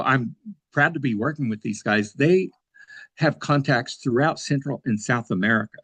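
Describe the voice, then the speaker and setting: A man's voice: mid-range voice, fairly bright tone, no echo. A man who served in the Air Force, talking casually as an interview guest, with many fillers and restarts.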